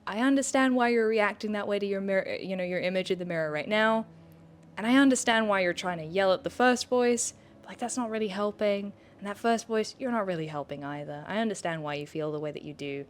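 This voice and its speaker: A woman voicing a calm, gentle female inner mediator who soothes and reasons. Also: medium pitch, fairly quick, a little hiss or hum, natural voice. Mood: soothing.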